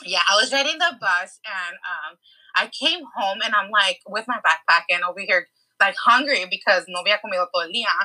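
A young woman co-hosting a casual podcast, telling an animated story and slipping Spanish phrases into her English. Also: medium pitch, fairly quick, rough recording. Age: young adult. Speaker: podcast co-host.

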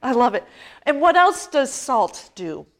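A woman pastor preaching a sermon in a church, talking conversationally and asking the congregation questions, with slow, emphatic phrases. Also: sits high, big pitch swings. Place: church sanctuary.

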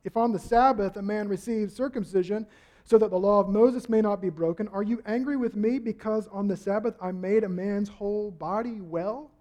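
Male pastor, high voice, animated preaching delivery that acts out the people he quotes. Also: moderate pace. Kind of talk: sermon.

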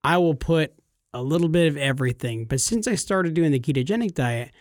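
A man's voice: fairly high pitch, animated, fairly quick, no room sound, clean studio sound. A man from California co-hosting a podcast, chatting casually in an enthusiastic, playfully boastful way. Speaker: podcast co-host. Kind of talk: casual chat.

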